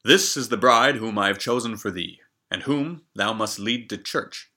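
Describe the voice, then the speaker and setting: A man's voice: lowish voice, moderate pace, bright, forceful tone. A man voicing a stern old king who speaks formally to his son. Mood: commanding.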